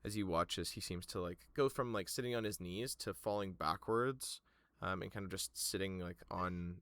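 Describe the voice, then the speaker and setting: A man narrating a tabletop game as game master, halting and full of fillers. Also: sits low, fairly bright tone, clean tone, dry recording.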